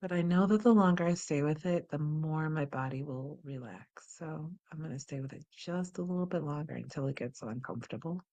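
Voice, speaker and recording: A woman hosting a guided wellness practice, calm and unhurried, describing her body sensations as she goes. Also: low voice. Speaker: host leading a guided practice.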